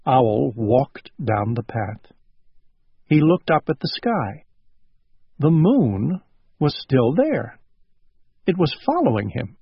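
Slow, breathy male storyteller. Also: medium pitch, sing-song, no echo. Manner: slow and gentle. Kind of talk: storybook read-aloud. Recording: dull lo-fi recording.

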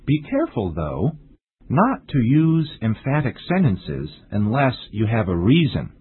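A man teaching an English lesson in a slow, deliberate, strongly stressed scripted delivery, with a husky voice. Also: mid-range voice, wildly swooping pitch, dry recording. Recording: tinny lo-fi dry recording.

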